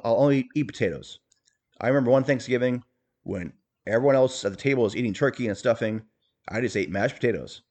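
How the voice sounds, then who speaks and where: A man's voice: mid-range voice, lightly acted. A man doing a stiff, boastful rich politician. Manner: stiff, folksy bragging with clumsy jokes. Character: awkward, boastful rich male politician on a state-by-state tour. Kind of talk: comedic impression monologue.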